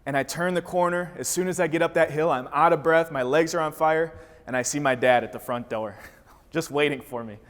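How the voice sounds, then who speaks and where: A man's voice: a little high, fairly quick, fairly bright tone. A man from Wisconsin giving a motivational talk, telling a story with vivid energy. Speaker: speaker. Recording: reverberant hall.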